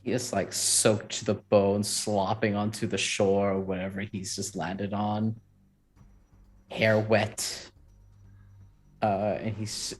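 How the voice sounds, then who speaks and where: A man playing a tabletop role-play game, describing his character in a slow, musing way. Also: fairly low pitch, flat delivery. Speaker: player.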